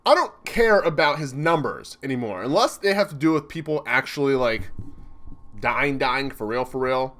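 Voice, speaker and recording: A young man excitedly commenting live as he reads a comic chapter, chatty and laughing often. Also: mid-range voice, moderate pace. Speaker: streamer reacting to a manga chapter.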